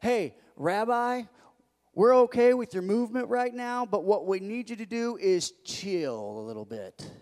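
A man preaching voices religious leaders who casually ask a teacher to calm his followers down. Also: high voice, unhurried, voice pushed up. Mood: wary, pleading. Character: scheming male religious leaders, nervous and dismissive. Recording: echoey hall.

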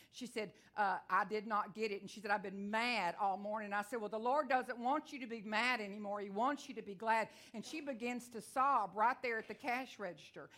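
A middle-aged Texan woman with a voice on the high side preaches a sermon, folksy and animated, sprinkling in frequent amens and asides.

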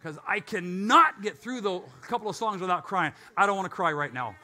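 A man's voice: high voice, animated, brisk, pushed and bright. An older man preaching a conversational sermon as pastor, often asking and answering his own questions.

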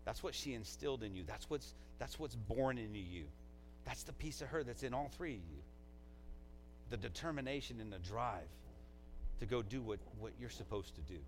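A man's voice: medium pitch, animated, normal speed, slight background noise, low-quality recording. A man, a pastor, delivering a eulogy in a conversational, heartfelt way, often dropping in "man" as a filler.

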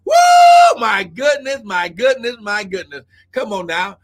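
A man preaching a charismatic prophetic sermon, breaking into shouted exclamations and repeated phrases. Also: high-pitched, expressive. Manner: shouting exclamations and drawn-out repetitions. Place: church service, live.

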